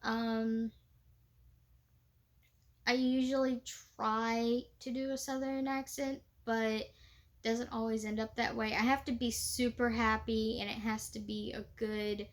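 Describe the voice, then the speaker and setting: Speaking slowly in a fairly high voice with a level tone, a young living history reenactor talks in a relaxed vlog manner. She laughs often and uses plenty of fillers.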